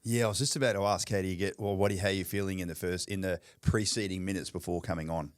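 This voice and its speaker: A man hosting a podcast, asking questions in a quick, chatty way and speaking frankly about his own struggles. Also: low voice, fairly even intonation, clean tone, no echo, clean studio sound. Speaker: podcast host. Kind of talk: casual podcast interview.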